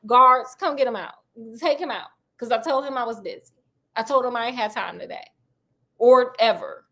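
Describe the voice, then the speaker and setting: A woman voicing an impatient, dismissive male doctor who talks fast in casual slang. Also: a little high, pushed and bright. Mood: irritated.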